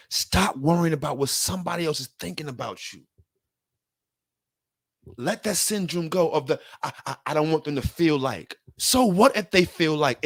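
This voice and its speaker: A man's voice: on the high side, dry recording, clean studio sound. Earnest man giving a motivational talk. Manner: earnest, repetitive, gets worked up; casual slang, addresses listener directly. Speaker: self-help speaker.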